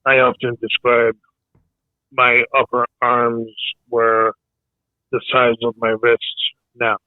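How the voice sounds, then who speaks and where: Hoarse male guest, halting delivery, thin phone-like sound, dry. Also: mid-range voice, monotone, no room sound. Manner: halting, hesitant speech. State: losing his voice. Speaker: military veteran guest. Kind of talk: casual podcast interview. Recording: tinny phone-like line.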